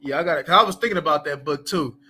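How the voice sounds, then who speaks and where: Bright-voiced man rambling casually. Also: a little high, racing. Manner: rambling, loose, full of fillers and asides; laughs often between thoughts. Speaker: host of a live book chat. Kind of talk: casual livestream chat.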